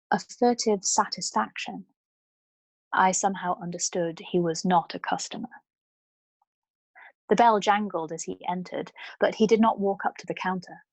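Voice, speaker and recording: A woman reading a novel aloud as a nightly bedtime story, steady and often hushed. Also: lowish voice, no room sound.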